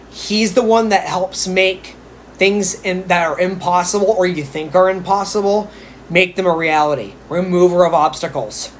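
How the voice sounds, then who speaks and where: A man's voice: high-pitched, slight background noise. A psychic man giving casual spiritual advice on a live stream, chatty and rambling, with playful asides. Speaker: psychic medium.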